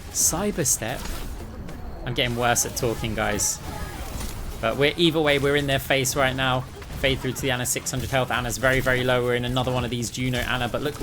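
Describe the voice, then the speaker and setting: A man narrates his own gameplay in a quick, excited play-by-play, tossing asides to his viewers. His voice sits at a middling pitch. Game music plays clearly underneath. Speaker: gaming YouTuber. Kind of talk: gameplay commentary.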